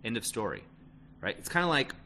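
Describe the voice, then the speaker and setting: A man's voice: mid-range voice, big pitch swings, a little fast, bright, forceful tone, a little hiss or hum. A man coaching listeners on relationships in a casual, emphatic way, often tagging lines with "right?". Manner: emphatic, repeats "right?" and "end of story". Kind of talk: casual advice talk.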